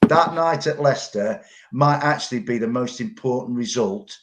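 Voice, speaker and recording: A man's voice: medium pitch, normal speed. A middle-aged man, telling long stories as a pundit in a casual football podcast chat, often repeating words as he goes.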